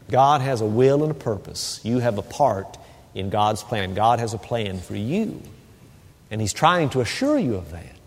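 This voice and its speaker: A man preaching a sermon as a pastor, telling stories with lively rises and dropping to a hushed, soothing voice at times. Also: medium pitch. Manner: animated storytelling, hushed soothing asides. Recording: long reverb of a sanctuary.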